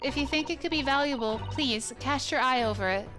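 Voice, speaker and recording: A woman's voice: high voice, fairly quick, lightly acted. Brief: woman doing a polite young female assistant in a game, formal and earnest, game music behind.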